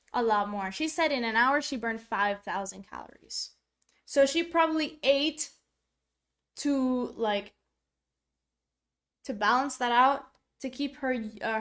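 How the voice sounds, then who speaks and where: Female streamer, relaxed blunt commentary, filler-heavy, slightly higher register. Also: takes it slowly, long pauses. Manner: chatty, blunt, with many fillers. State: coughing, choking on popcorn. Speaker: streamer reacting to a video. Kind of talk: casual reaction commentary. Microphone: streaming setup.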